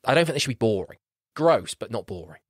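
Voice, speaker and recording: A man's voice: mid-range voice, fast, no room sound, studio quality. A man hosting a podcast, chatting casually about a film and acting out his reactions. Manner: animated, swears casually, acts out his reactions. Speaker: podcast host. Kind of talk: casual film review chat.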